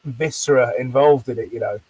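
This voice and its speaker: A man's voice: medium pitch, brisk, darkish tone, slightly rough, no echo, rough recording. Man hosting an interview. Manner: conversational, leading questions. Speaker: host. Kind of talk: casual interview chat.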